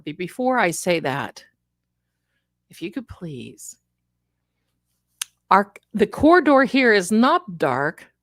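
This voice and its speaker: A woman hosting a casual livestream, talking in an animated, emphatic way and speaking straight to her viewers from an indoor room. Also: on the low side, dry recording. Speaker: livestream host.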